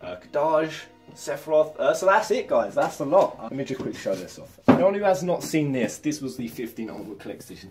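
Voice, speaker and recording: A young man, chatting excitedly and swearing freely as he shows off his collection at home. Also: mid-range voice, fast, hardly any pauses, faint music behind. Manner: swears freely, stumbles over words when excited. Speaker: vlogger showing his figure collection. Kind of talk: excited casual vlog. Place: home room with shelves.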